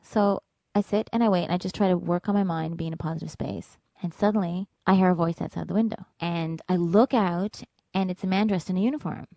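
A woman telling a personal story in vivid, dramatic fashion, dropping to a hush and rising again. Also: lowish voice, steady tone, a little fast, gravelly, no room sound. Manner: vivid, dramatic, ranging from hushed to loud.

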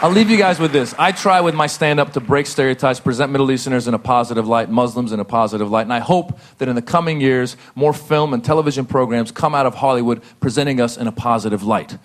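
A man's voice: mid-range voice, quick pace, hardly any pauses, a faint crowd. A male comedian delivering a comic monologue, building to punchlines and acting out quoted exchanges.

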